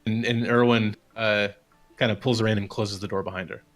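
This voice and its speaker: A man's voice: lowish voice, fairly even intonation, a little fast, fairly bright tone, soft background music. A man running a tabletop game as game master, narrating loosely with many fillers.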